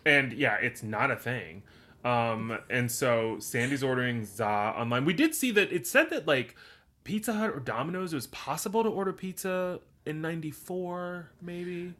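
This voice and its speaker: A man's voice: on the high side, expressive, normal speed, sharp tone. A man co-hosting a casual movie podcast, teasing dryly and rambling through his notes. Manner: dry teasing, rambling with fillers. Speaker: podcast co-host.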